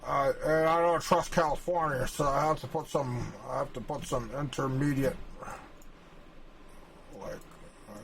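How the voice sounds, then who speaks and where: A man rambling through a boastful, profanity-laced comic rant in a mock-serious tone. His pitch sits in an ordinary middle range. A faint hiss runs underneath. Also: steady tone, measured pace, creaky, long pauses, fairly bright tone, low-quality recording. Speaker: streamer. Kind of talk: rambling comic rant while drawing a map.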